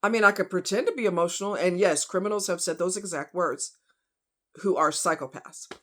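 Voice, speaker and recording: A woman's voice: fairly low pitch, a little fast. A woman hosting a casual true crime vlog, talking bluntly and heatedly to her viewers. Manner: blunt, outspoken, fired-up; talks to viewers as y'all and honey.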